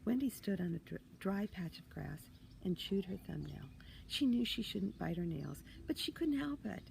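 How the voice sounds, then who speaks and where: A woman author reading a children's chapter book aloud, expressive with hushed asides. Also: mid-range voice, moderate pace, creaky, a little hiss or hum, poor audio. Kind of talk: storybook reading.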